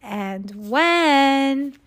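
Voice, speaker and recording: A woman's voice: high-pitched, lively intonation, extremely slow, pitched above the performer's own voice, full character voice. A woman voicing a sly, greedy woman dentist in a children's story she reads aloud. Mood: scheming. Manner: sly, mock-scheming.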